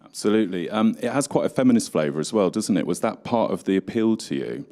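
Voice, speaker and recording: A man's voice: lowish voice, lively intonation, quick pace, mellow. A man interviewing an actress, asking short, friendly questions. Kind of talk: casual press interview.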